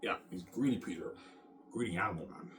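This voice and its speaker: A man telling a rambling casual story in an animated, repetitive way. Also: sits low, fairly quick, distant mic, slight background noise. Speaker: vlogger.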